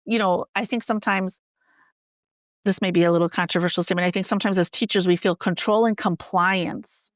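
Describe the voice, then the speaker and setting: A woman teacher, a guest in an interview, telling classroom stories in an animated, conversational way. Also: on the low side, fairly quick, dry recording, clean studio sound. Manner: animated, acts out quoted dialogue. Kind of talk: conversational storytelling.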